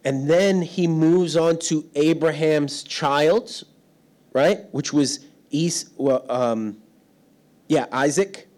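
A middle-aged pastor preaches a sermon in a windowless church hall, his voice a little high, slow, and somewhat dark in tone. He tells stories about himself, pokes fun at his own expense, and laughs often.

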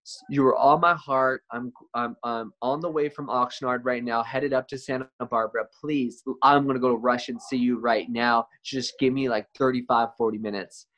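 A man's voice: medium pitch, fairly even intonation, normal speed, a bit bright, lo-fi sound. Casual man sharing his testimony. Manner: conversational, frequent "man" and "like", repeats and restarts words. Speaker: interview guest.

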